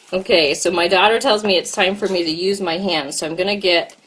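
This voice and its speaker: A woman's voice: fairly low pitch, fairly bright tone, breathy edge. An American woman and mom hosting a casual live stream while cooking, chatting to viewers and her child at once. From United States. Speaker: host and mom.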